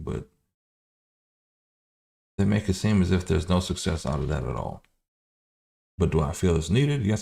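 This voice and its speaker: A man's voice: rumbling low, creaky, mellow, a little hiss or hum. A man hosting a livestream, giving loose, profane political commentary with many restarts. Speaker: livestream host.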